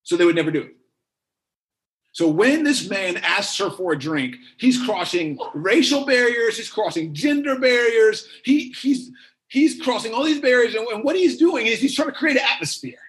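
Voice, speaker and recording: A man preaching a sermon, telling a story with lively repeated phrases. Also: very high-pitched, normal speed, poor audio.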